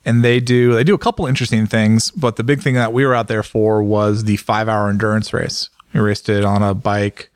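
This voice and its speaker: A man's voice: fairly low pitch, flat delivery, a little fast, few pauses, clear, resonant tone, dry recording, clean studio sound. A man co-hosting a podcast, joking and rambling through casual chat with plenty of fillers. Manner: jokey, rambling, lots of fillers. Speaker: podcast co-host and motorcycle racer.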